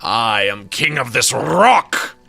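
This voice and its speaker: A self-crowned spider king , as a man puts him on, lords it over the squabbling bugs below in slow, grandiose proclamations. His delivery is drawn out and pompous, with faint music playing under the game commentary. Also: mid-range voice, big pitch swings, creaky, bright, forceful tone, full character voice.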